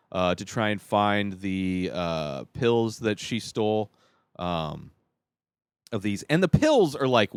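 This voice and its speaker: A man hosting a podcast, giving a rambling, halting and exasperated movie review with many restarts. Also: medium pitch, a bit bright, clear, resonant tone, no echo. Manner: exasperated, critical. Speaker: podcast host reviewing a film. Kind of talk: casual spoken movie review.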